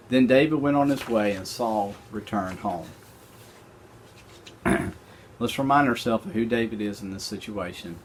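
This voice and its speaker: A man teaching a recorded Bible study lesson, retelling scripture in an animated, conversational way with casual slang. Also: fairly low pitch, unhurried, pauses often, slight background noise.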